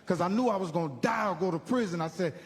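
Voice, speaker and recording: A man's voice: sits high, fast talker, faint music behind. Profane, laughing comedian man in an echoey room. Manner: loud, laughing, acts out voices. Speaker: stand-up comedian.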